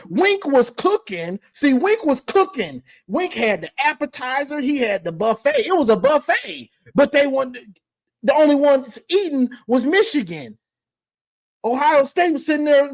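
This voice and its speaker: Guy hosting a sports call-in show, slow talker, teasing and laughing, pitch all over the place. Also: sing-song. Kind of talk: casual sports talk rant.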